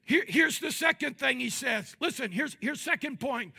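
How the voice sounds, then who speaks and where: A pastor delivering a sermon, moving between quiet, measured talk and loud, drawn-out shouts. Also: male voice, very high-pitched, lively intonation, gravelly, breathy edge. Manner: drawn-out, emphatic phrasing.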